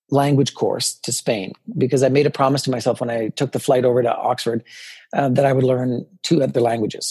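A man in his fifties, a podcast guest telling personal stories in a lively way and acting out what people said to him. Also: medium pitch, breathy edge. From Canada. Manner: animated storyteller, acts out quoted dialogue. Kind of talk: personal storytelling in a podcast interview.

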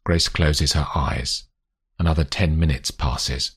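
A man narrating an audiobook in a measured, expressive way. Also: very deep voice, breathy edge. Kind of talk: scripted narration.

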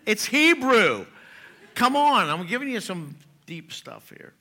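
A middle-aged pastor, a man, whose voice sits a little high for a man and rings bright and forceful. He preaches in a loose, chatty way and laughs at his own jokes. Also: big pitch swings, takes it slowly. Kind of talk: sermon with jokes.

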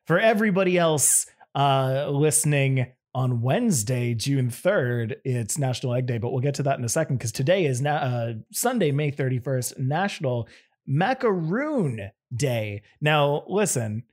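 A man's voice: mid-range voice, normal speed, hardly any pauses. A man co-hosting a casual podcast, who grew up in Canada and talks in a playful, joking manner. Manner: playful, animated, jokey. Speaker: podcast co-host.

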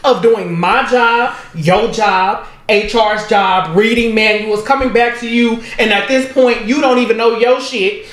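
Woman on a podcast, bit high voice, blunt and cussing, echoey room. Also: fairly even intonation, unhurried, few pauses. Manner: blunt, profane and emphatic. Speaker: podcast co-host. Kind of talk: casual chat.

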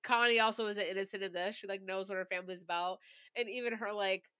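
Chatty woman with a bright voice. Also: medium pitch, steady tone, quick pace, no echo, studio quality. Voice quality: chatty, many "like" fillers. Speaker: podcast co-host. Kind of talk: casual movie review chat.

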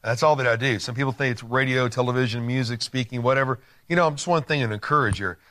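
A man's voice: medium pitch, quick pace, a bit bright. A man hosting a Christian TV interview show, talking enthusiastically and encouragingly, with a chatty, filler-heavy delivery. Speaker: TV show host.

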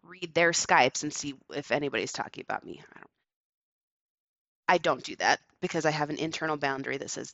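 A woman co-hosting a casual discussion over a call, reflective and slow in her phrasing, laughing often. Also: low-pitched, gravelly, fairly bright tone, no echo, dull audio. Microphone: remote call.

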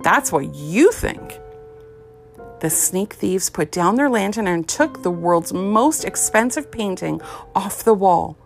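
A woman narrating a children's storybook aloud with expressive, lively storytelling. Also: mid-range voice, unhurried, vocal fry, faint music behind. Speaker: audiobook narrator.

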